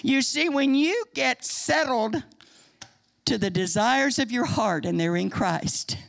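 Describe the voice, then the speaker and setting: Older midwestern lady preaching, high voice w/ lots of gravel, folksy and emphatic. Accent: Midwestern American. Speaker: church speaker. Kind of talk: sermon. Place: church sanctuary.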